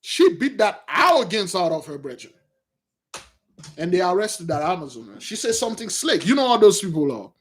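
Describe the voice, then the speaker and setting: A man hosting casual religious commentary on news stories, rambling and animated, calling his listeners brothers. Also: sits high, moderate pace, slightly rough. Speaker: channel host.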